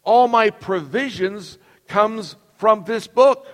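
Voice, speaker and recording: A man's voice: sits high, slow pace. A middle-aged man preaching a sermon as pastor, emphatic and calling on the congregation to repeat lines after him. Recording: long reverb of a large hall.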